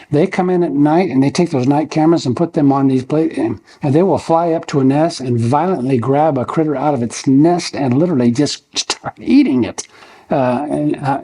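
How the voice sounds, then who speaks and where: An older male pastor preaches from the pulpit in a husky voice that sits a little high for a man. He keeps it folksy and conversational, throws rhetorical questions at his congregation, and tags his points with "okay?". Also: darkish tone. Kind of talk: verse-by-verse sermon. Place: church.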